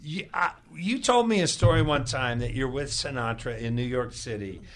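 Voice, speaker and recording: A man's voice: mid-range voice, animated, normal speed. A man hosting a podcast, prompting his guest with stories and chatting casually. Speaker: podcast host. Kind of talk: casual interview chat.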